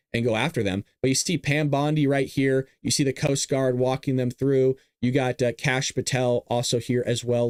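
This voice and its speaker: A man hosting a political commentary show, casually rambling with crude, excitable remarks. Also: medium pitch, dry recording. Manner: excitable, crude, rambling, with self-amused laughs.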